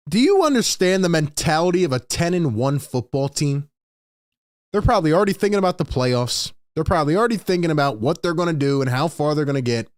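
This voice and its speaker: A man's voice: a little high, animated, brisk, no room sound. Dry-voiced ranting sports streamer, a man. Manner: exasperated, ranting. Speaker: sports talk host. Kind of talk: live-stream commentary.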